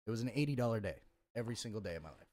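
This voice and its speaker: Blunt, profane low-voiced man. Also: animated, rapid-fire, a little mellow. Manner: blunt, profane storytelling with many fillers. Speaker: podcast guest. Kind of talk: candid casual conversation.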